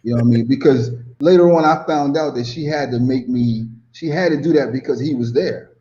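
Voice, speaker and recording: A man from the United States tells a story casually, full of slang and "you know what I mean." His voice is dark and mellow. The audio is dull and lo-fi. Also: mid-range voice, brisk. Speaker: guest.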